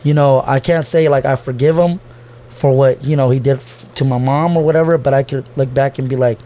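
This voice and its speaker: A man's voice: mid-range voice, steady tone, a little fast, dark tone. A young man, a podcast guest, talking loosely and emotionally about his family, saying "bro" a lot, swearing and restarting his sentences. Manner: loose slangy talk, says bro constantly, swears, restarts. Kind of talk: casual heartfelt conversation.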